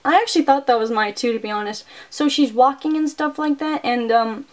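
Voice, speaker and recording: A young adult woman reviewing a movie, retelling the plot in an excitable, casual way and filling her sentences with "like". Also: high voice, brisk. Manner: chatty and excitable, heavy use of "like" fillers.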